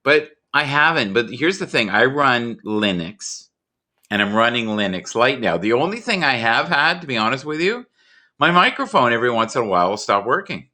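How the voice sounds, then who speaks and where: Animated, bright-voiced man hosting a livestream. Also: medium pitch, moderate pace. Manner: rambling, animated, jokey. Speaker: livestream host. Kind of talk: casual livestream chat. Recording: home computer mic.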